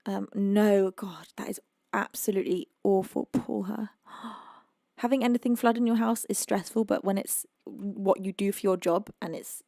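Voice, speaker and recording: A chatty British woman hosts a live music stream from home, reading viewers' messages aloud and exclaiming often. Her mid-range, dark-toned voice has a gravelly, creaky edge, fairly even intonation, and a slightly slow pace. The recording is dry and close with little room echo.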